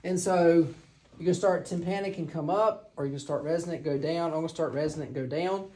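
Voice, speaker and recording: A woman's voice: deep voice, quick pace, darkish tone. A woman, teaching a physical exam to a class and checking in with her students as she demonstrates. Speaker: clinical instructor.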